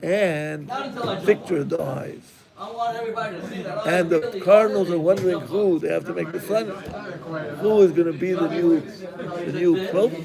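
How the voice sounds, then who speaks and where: Gravelly-voiced rabbi telling a story. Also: male voice, fairly high pitch, a little slow, pauses often, over a noisy crowd. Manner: animated, acts out the characters. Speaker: rabbi teaching a class. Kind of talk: dramatic storytelling in a lesson. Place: classroom.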